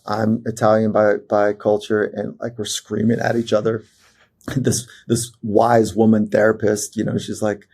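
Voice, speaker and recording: A man, a performance psychologist, telling a personal story as a podcast guest in an animated way, with fillers and restarts. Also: lowish voice, a little slow, vocal fry, husky. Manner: animated storyteller who acts out quoted voices, many fillers and restarts.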